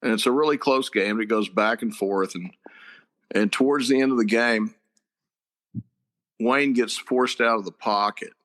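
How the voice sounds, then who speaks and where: An older man, a head football coach, telling stories in a casual chat, with a lively, laughing manner. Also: medium pitch, a little slow, pauses often. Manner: animated, laughing storyteller.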